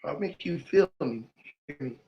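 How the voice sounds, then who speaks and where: A man with a high voice rambles through an emotional vlog monologue. He swears freely and swings between loud, shouted bursts and low, muttered asides. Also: expressive, normal speed, vocal fry, lo-fi sound. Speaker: vlogger.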